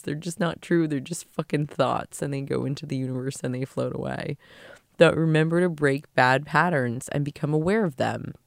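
A woman's voice: low-pitched, normal speed, creaky, no echo, studio quality. A woman hosting her own podcast, giving an earnest, emotional motivational talk and swearing casually. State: tearful at times. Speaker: podcast host.

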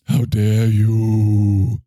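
A man putting on a slow, indignant young female activist voice that scolds with one repeated phrase. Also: on the low side, completely flat delivery, dark tone, no room sound. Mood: scolding. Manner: drawn-out, scolding single catchphrase.

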